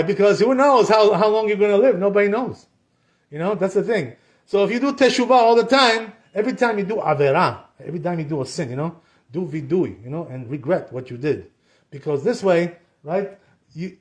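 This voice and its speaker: A man giving a casual Torah class in a conversational way, often saying "you know" and acting out what people say. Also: high voice. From Sephardic Jewish community. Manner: conversational, repeats "you know" and acts out quotes. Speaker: Torah teacher.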